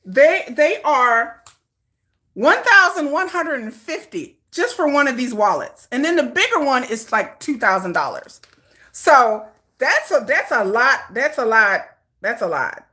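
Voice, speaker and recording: A woman's voice: high voice, sing-song, a little slow, pushed and bright. A woman from Detroit hosting a casual livestream chat, chatty and sassy, laughing often. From Detroit, United States. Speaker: K-pop livestream host. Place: home, at a computer with a ring light.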